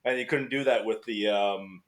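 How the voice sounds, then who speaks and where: A man's voice: lowish voice, normal speed. A man in casual podcast chat, rambling and teasing his friends. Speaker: podcast guest.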